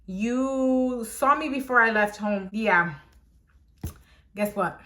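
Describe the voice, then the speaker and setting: Speaking slowly in a slightly high voice, a young female vlogger animatedly recounts a personal story and performs the quotes of the people involved.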